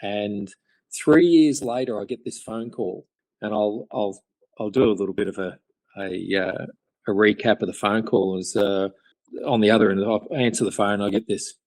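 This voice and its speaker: A man's voice: fairly low pitch, fairly even intonation, moderate pace, darkish tone, no echo, poor audio. An Australian man, a craftsman guest on a podcast, telling stories in an enthusiastic, rambling way. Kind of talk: casual interview chat.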